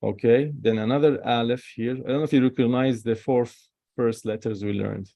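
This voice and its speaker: Male teacher, mid pitch, gravelly, explains patiently and keeps checking in with his students. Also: steady tone, brisk, mellow, dry recording. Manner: explains step by step, often checks in with "okay?". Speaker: biblical Hebrew teacher. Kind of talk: recorded online class.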